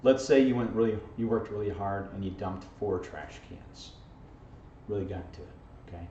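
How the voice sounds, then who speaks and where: With a lowish, warm voice at a moderate pace, a math teacher runs a playful, joking algebra lesson for an informal video, checking in every few lines with "okay?" and "right?". He's picked up from across a roomy, echoing classroom. The camera audio sounds distant, dull and a little muffled, with a faint hiss behind it.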